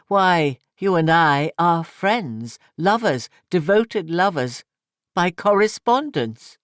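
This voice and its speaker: A man's voice: mid-range voice, takes it slowly, no room sound, clean studio sound, natural voice. A man reading an audiobook and voicing an intense, earnest young man who speaks emphatically. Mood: passionate. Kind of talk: audiobook character voice.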